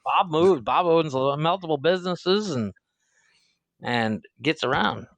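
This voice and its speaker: A man's voice: on the high side, animated, a little slow, vocal fry, no room sound. A man co-hosting a comedy podcast, giggling and riffing with crude jokes and silly quoted voices. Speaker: podcast co-host.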